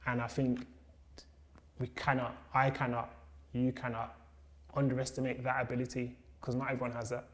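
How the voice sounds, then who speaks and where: A man's voice: mid-range voice, completely flat delivery, normal speed, pauses often, fairly bright tone. A man hosting a podcast interview, encouraging his guest and making frequent listening murmurs. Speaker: podcast host.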